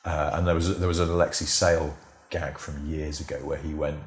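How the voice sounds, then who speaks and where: A former TV script editor appears as a podcast guest and tells stories in a casual interview, rambling from anecdote to anecdote and peppering his speech with "sort of" and "you know." His voice is a rumbling low, level in tone and brisk. The sound is reverberant.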